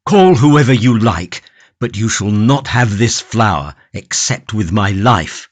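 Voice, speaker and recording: A man's voice: lively intonation, unhurried. A man voicing an anxious male prisoner who pleads to save his tulip. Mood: defiant. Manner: pleading, higher and tense.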